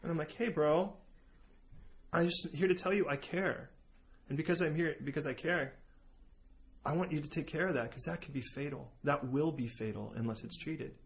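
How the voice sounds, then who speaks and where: A man's voice: on the high side, moderate pace. A man preaching a sermon, telling an illustrative story and acting out both sides of the dialogue. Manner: animated storytelling, switching between characters' voices. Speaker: pastor.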